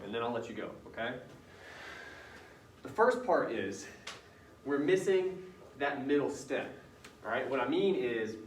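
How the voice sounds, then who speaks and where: Casual teacher in a roomy classroom. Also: male voice, mid-range voice, a little hiss or hum. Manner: casual, chatty, thinking aloud while editing. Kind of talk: classroom writing lesson. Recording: roomy classroom picked up from a distance.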